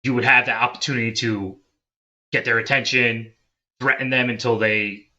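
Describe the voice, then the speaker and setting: A man's voice: medium pitch, fairly even intonation, moderate pace, sharp tone, muffled recording. A man, a guest on a gaming podcast, explaining game mechanics in a loose, casual way with some swearing.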